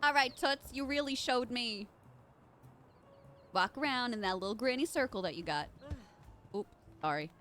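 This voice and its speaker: A young woman streaming a video game live, reacting excitably with swearing and panicked shrieks. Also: fairly high pitch, normal speed, long pauses.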